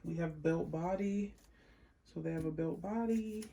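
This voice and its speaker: A woman giving a casual pick-a-card tarot reading, chatty and unhurried as she lists card words one by one. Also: fairly low pitch, creaky, warm tone. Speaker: tarot reader.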